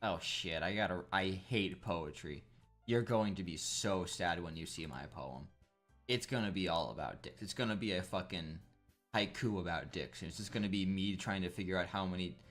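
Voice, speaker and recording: A man's voice: deep voice, moderate pace, fairly bright tone, faint music behind. A young man commenting on a game in a rambling, crude and joking way, swearing often. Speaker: gameplay commentator. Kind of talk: casual gameplay commentary.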